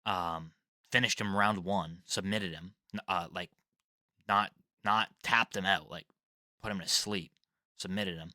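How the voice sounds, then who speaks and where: A man's voice: deep voice, fairly even intonation, a little slow, long pauses, sharp tone, no room sound, clean studio sound. A young man giving casual solo fight predictions, rambling, swearing and laughing at his own slips.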